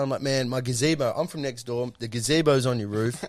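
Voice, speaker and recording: A man's voice: mid-range voice, steady tone, a little fast, few pauses, no echo. A young Australian man telling a rambling, swear-filled story in a casual chat.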